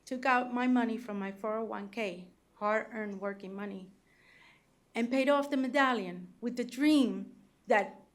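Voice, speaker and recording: A woman's voice: fairly high pitch, a bit bright. An older woman from Cuba, a taxi medallion owner, giving emotional, pleading testimony at a public hearing.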